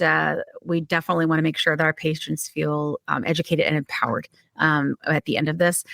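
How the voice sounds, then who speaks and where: A woman's voice: fairly low pitch, vocal fry, fairly bright tone, no room sound, studio quality. A woman hosting a podcast in a chatty, upbeat way, with frequent fillers. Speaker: podcast host. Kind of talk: casual podcast chat.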